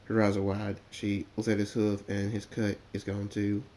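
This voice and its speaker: A man reading a fan story aloud, halting, with frequent stumbles and repeats. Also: on the low side, completely flat delivery, mellow. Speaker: story reader.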